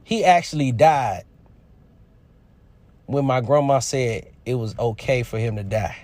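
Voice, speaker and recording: A man talking casually and emphatically about sports and manhood, preachy, swinging from loud outbursts to quiet asides. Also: medium pitch, a little slow. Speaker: commentator. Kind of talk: casual opinion monologue.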